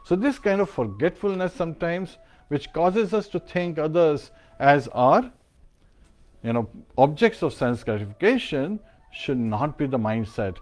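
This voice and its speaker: A man's voice: a little high, animated, a little slow, a little mellow. A man giving a devotional sermon as a spiritual teacher, chanting verses and mantras and telling a parable.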